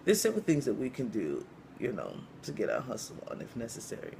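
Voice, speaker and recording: A man telling a long story joke in a casual, rambling way, with lots of you-knows and pauses. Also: mid-range voice, wildly swooping pitch, vocal fry, a little mellow, slight background noise. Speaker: comedian storyteller.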